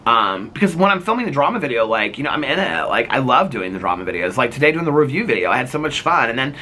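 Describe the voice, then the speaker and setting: A man's voice: mid-range voice, quick pace, slight background noise. A middle-aged man vlogging in a rambling, chatty way, full of "like" and "you know," and laughing at himself as he tells stories. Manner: animated storyteller who laughs at himself. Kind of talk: casual chat to camera.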